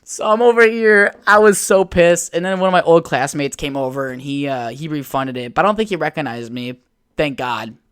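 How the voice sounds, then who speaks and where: A man's voice: fairly high pitch, moderate pace, fairly bright tone, clear, resonant tone. A young man hosting a solo podcast from home, telling a rambling, swear-heavy story in a casual chat. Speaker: podcast host. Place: at home by a window.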